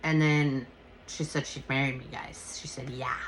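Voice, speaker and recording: A woman hosting a podcast, telling a personal story in a casual, animated way and swearing freely. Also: very deep voice, normal speed, slight background noise. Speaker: podcast host.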